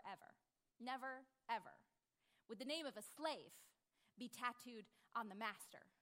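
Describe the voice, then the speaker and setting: A woman preaching a sermon, earnest, dropping to a hush and then rising to emphatic peaks. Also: sits high. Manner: earnest, swings between hushed and emphatic.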